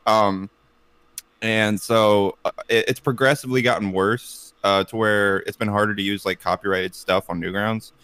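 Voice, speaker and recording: A man's voice: fairly even intonation, normal speed, a bit bright, smooth, no echo. Rambling man on a podcast. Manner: rambling, lots of fillers and restarts; puts on silly high cartoon voices. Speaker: podcast co-host telling a story. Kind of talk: casual group podcast chat.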